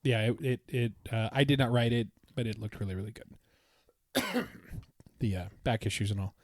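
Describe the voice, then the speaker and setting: A man's voice: mid-range voice, normal speed, dry recording. A man co-hosting a podcast, recounting his trip in a casual, enthusiastic, rambling way. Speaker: podcast co-host. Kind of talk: casual chat.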